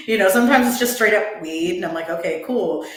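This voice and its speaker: A woman's voice: medium pitch, roomy sound. A woman co-hosting a casual podcast, blunt and profane, packing her speech with "like" and "you know". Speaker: podcast co-host. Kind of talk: casual chat.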